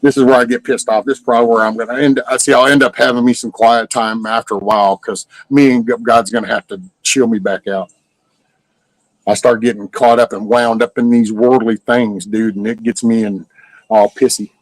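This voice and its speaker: A man's voice: medium pitch, steady tone, brisk, no echo, low-quality recording. Heated, profane man. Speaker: live stream host. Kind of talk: casual ranting chat.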